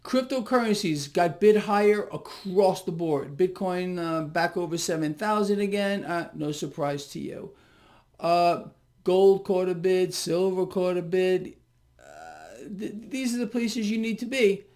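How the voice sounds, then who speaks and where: A man's voice: high voice, animated, unhurried, a little mellow. Blunt, emphatic man giving market commentary. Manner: emphatic, blunt, repeats key phrases for stress; rhetorical asides to the viewer. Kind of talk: unscripted market commentary monologue.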